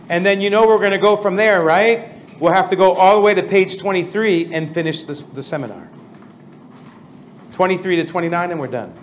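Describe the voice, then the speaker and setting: A man leading a prayer seminar as pastor, energetic and constantly asking the audience questions, with an American accent. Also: high voice, slight background noise. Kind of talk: interactive seminar teaching.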